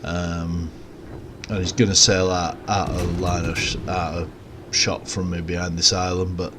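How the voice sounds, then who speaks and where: A man giving casual, rambling commentary over a recorded game, with relaxed, self-mocking asides. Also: low voice, measured pace, noisy background. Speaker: gameplay commentator.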